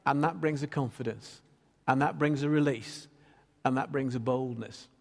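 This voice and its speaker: Pastor preaching in a reverberant hall. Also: male voice, medium pitch, steady tone, moderate pace, vocal fry. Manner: earnest preaching with scripture reading. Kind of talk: sermon.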